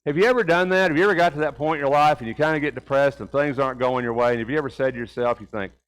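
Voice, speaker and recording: Racing along in a mid-range, slightly bright voice, a middle-aged man gives a folksy, conversational sermon in a church sanctuary. Rhetorical questions, a personal story and repeated words fill his talk, and the recording is rough.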